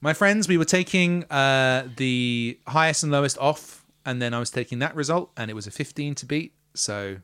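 A man narrating as game master and hosting the podcast, an animated storyteller who acts out sound effects. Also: mid-range voice, moderate pace, hardly any pauses, clean tone.

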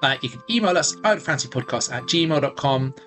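A man narrating as game master and hosting the podcast, an animated storyteller who acts out sound effects. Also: a little high, fast talker, faint music behind.

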